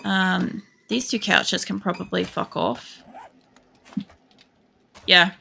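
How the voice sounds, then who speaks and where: An Australian woman talks as she plays a game at home, rambling and casual and swearing freely. Her voice sits low and gravelly, yet has a bright edge. She has a faint hiss behind her. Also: steady tone, takes it slowly. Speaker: game streamer. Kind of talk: casual chat while playing. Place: home computer setup.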